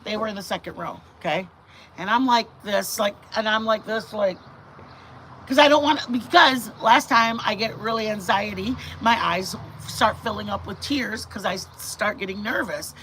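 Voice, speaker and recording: A middle-aged woman vlogger telling a story to her viewers in a chatty, animated way that often turns to her faith. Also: medium pitch, normal speed, a little hiss or hum. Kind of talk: casual storytelling to camera.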